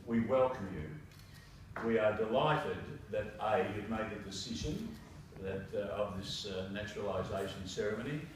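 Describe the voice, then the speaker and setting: Presiding over a citizenship ceremony in a council meeting room, a man with a fairly low pitch delivers a formal speech at a measured pace, reading with frequent hesitations. The sound is echoey and distant, with slight hiss or hum.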